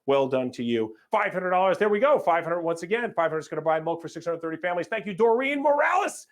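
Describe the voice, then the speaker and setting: A man's voice: fairly high pitch, big pitch swings, fast talker. A man hosting a live charity benefit, upbeat and joking as he reads out donor names and gift amounts. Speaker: fundraiser auction host. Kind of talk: live benefit fundraising call-out.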